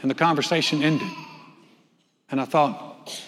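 A man preaching a sermon from the pulpit, animated, swinging from loud calls to hushed telling. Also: on the high side, measured pace. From North Carolina. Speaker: pastor. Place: church sanctuary. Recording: long church hall reverb.

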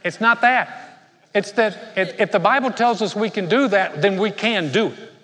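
A middle-aged man preaching a sermon in a casual, joking way, his voice sitting a little high for a man. The sound carries a long reverb from a large church hall. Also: moderate pace, a bit bright. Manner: conversational, self-deprecating humor with the congregation. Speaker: pastor. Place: church sanctuary.

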